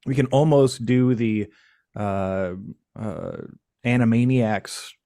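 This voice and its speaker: A man from Michigan hosting a live stream, chatting casually and jokingly with the audience and pausing often on fillers. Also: mid-range voice, warm tone, no echo, clean studio sound. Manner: playful, jokey, chatty with frequent fillers. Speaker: livestream host.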